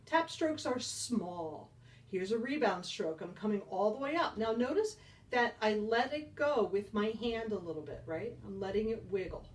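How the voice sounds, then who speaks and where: A woman's voice: medium pitch, animated, normal speed, recorded from a distance, a little hiss or hum. A woman band teacher giving a beginner percussion lesson, upbeat and encouraging, counting beats aloud.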